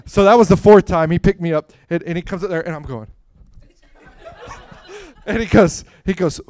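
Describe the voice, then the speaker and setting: A man tells a story casually and rambles as he goes. His smooth, clear voice swings between quiet asides and loud, animated bursts. The sound is dry and close. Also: high voice, normal speed, pauses often, no echo. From Florida, USA. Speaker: speaker sharing a testimony.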